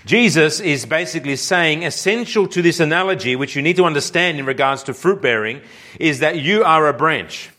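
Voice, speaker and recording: A man preaching a sermon, slow and emphatic, with deliberate pauses and key phrases that drop low and quiet. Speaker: pastor.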